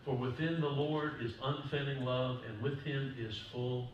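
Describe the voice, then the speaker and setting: A male pastor giving a sermon in a church, moving from quiet talk to loud preaching. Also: mid-range voice, fairly even intonation, measured pace, muffled recording, a little hiss or hum. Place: church sanctuary. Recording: distant mic in echoey church hall.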